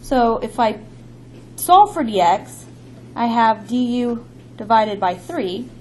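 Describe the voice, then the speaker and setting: A woman math instructor lecturing a class, explaining steps briskly and thinking aloud. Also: on the high side, lively intonation, slight background noise, poor audio.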